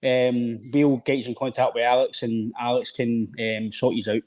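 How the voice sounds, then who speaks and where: A man's voice: mid-range voice, level tone, moderate pace, a little mellow. Laid-back Scottish man bantering. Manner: laughs easily, friendly banter. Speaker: podcast co-host. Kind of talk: casual live podcast chat.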